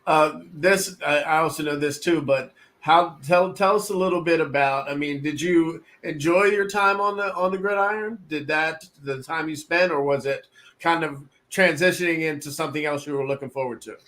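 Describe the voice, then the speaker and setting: A man hosting an interview, asking questions in a halting way with many restarts. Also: on the high side, a bit bright. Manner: stumbling, repeats words while asking questions. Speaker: host. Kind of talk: casual interview.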